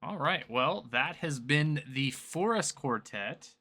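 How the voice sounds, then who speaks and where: Bright-voiced male podcast host, casual. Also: fairly high pitch, takes it slowly. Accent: Southern US. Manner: relaxed, filler-heavy, hesitant. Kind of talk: casual chat.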